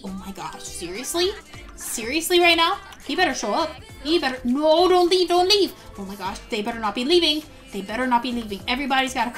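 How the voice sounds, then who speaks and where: A woman narrates her game with bubbly, gushing excitement, gasping and squealing at each moment. Her voice sits high and bright for a woman. Faint music plays underneath. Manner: bubbly and gushing, frequent gasps, quick quoted character asides. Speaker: gaming YouTuber narrating gameplay. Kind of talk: excited let's-play commentary.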